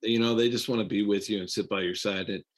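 A middle-aged man from Western Pennsylvania, telling relaxed folksy stories as a guest in a casual chat. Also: lowish voice, quick pace.

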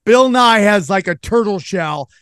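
Male podcast host with a high voice and a dry, close sound; lively, crude storyteller. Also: unhurried, clear, resonant tone, dry recording. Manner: animated, profane, jokey. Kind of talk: casual storytelling chat.

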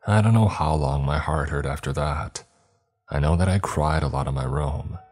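A man narrating a scary story in a steady, measured way. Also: very deep voice, faint music behind. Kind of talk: scripted horror story narration.

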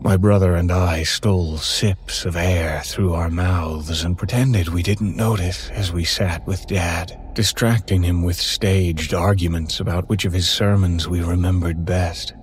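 Deep, slow male horror narrator. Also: fairly even intonation, slight background noise. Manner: measured, somber telling. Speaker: story narrator. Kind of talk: scripted horror story narration.

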